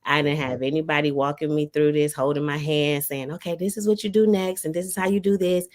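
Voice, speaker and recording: A woman from Maryland with a raspy voice, chatting as a podcast guest and reflecting on her story with plenty of fillers. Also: sits low, fairly even intonation, fairly quick, darkish tone. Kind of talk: casual podcast chat.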